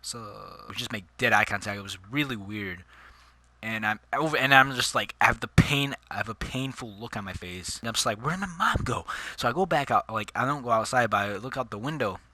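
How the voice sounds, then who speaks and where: A man's voice: lowish voice, a little fast, bright, forceful tone, no echo. A man telling a personal story in casual, slangy vlog chat, calling his listeners dude and bro. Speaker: vlogger.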